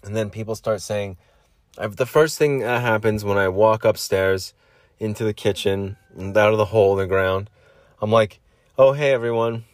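Solo podcast host, male, low-pitched, rambling storyteller who acts out lines, dry close mic. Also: steady tone, normal speed, dry recording. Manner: rambling, acts out voices and whispers mid-story.

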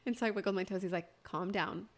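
A woman's voice: mid-range voice, fast talker. A young woman co-hosting a podcast, telling a story in casual chat and acting out the voices of others. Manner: chatty, animated storytelling with quoted voices. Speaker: podcast co-host.

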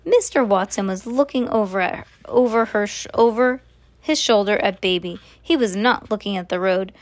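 A woman reads a storybook aloud to a child at an average pitch, pausing now and then for easy, casual asides full of fillers. The room is dry and close, with no echo. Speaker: parent reading to a child.

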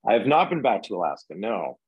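A man's voice: fairly low pitch, very animated, fast talker, muffled recording, over a noisy crowd. A man in his thirties, an actor, telling stories in a casual interview, rambling with many fillers and restarts.

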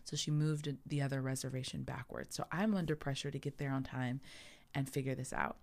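Low, gravelly woman telling a story. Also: brisk. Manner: animated, acts out her own panic in quoted asides. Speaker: photographer telling a travel story. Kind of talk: casual storytelling.

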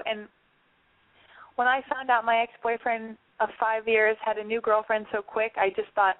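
A woman's voice: a little high, flat delivery, moderate pace, no echo, phone-quality sound. A woman hosting a call-in advice show, gushing, emotional and reassuring as she talks with callers. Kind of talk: casual call-in advice chat.

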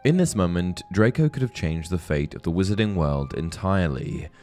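A man hosting a book-theory channel, giving scripted narration and reading with clear, measured storytelling and expressive emphasis. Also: deep voice, faint music behind.

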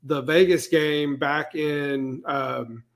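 A man co-hosting a casual sports podcast, telling a story in a relaxed way. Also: fairly high pitch, extremely slow. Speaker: podcast co-host. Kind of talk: casual chat.

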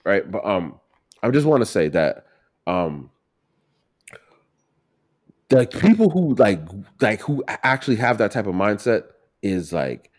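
Man, casual podcast co-host, lively pitch, dry close sound, emphatic. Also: unhurried, pauses often, dry recording. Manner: animated, emphatic, swings from loud to quiet. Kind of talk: casual chat.

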